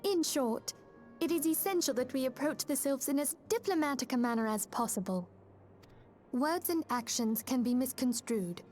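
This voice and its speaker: A woman voicing a game character in a cutscene, speaking in a calm, earnest and formal way. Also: sits high, slight background noise.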